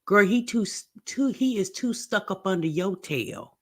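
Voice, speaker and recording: A woman's voice: mid-range voice, lively intonation, a little slow. A woman hosting a reaction video, giving blunt, sassy commentary and speaking straight to the person on screen.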